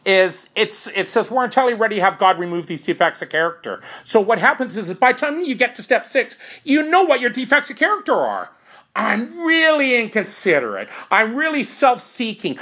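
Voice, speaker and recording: Woman sharing recovery steps, lively pitch. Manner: conversational, explains through first-person examples. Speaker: recovery program speaker. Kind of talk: informal talk on recovery steps.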